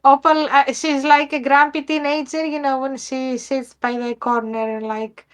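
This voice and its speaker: A woman's voice: sits high, level tone, normal speed. A woman playing in a tabletop game, describing her character with a giggly manner. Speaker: player.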